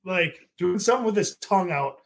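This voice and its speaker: A young man with a fairly high voice hosts a loose, chatty podcast. He drifts through his stories with plenty of "like" fillers and casual swearing, and laughs as he goes. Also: lively intonation, fairly quick, creaky. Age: young adult. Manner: laid-back, lots of "like" fillers and swearing. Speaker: podcast co-host. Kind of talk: casual chat.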